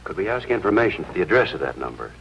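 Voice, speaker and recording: An actor playing an earnest, persistent hospital chaplain in an old radio drama. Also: male voice, low-pitched, sing-song, very fast, a little hiss or hum. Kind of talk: 1950s radio drama acting. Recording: dull lo-fi old radio recording.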